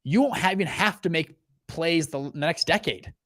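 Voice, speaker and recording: An energetic young man hosts a casual livestream on markets and investing. His voice sits a bit high for a man and comes through dry and close, with little room sound. He talks in bursts, full of "okay" and "right" check-ins and quick restarts. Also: no room sound. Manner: energetic, lots of fillers and okays. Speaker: fund manager and show host. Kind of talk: casual livestream talk on economics.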